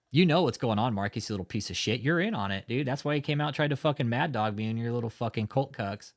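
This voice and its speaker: A man's voice: mid-range voice, very fast, hardly any pauses. A man hosting a live stream, talking in a heated, profane rant and often swearing. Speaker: livestream host. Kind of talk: angry live-stream commentary.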